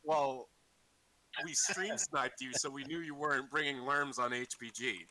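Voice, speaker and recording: A man chatting after a match as a player, joking and swearing in quick banter. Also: mid-range voice, sharp tone, poor audio. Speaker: team player guest. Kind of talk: casual banter.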